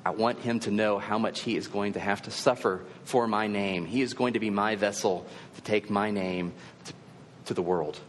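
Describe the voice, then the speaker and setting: A man voicing God, giving firm, measured commands in his own low voice. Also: fairly even intonation, a little hiss or hum, natural voice. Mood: commanding.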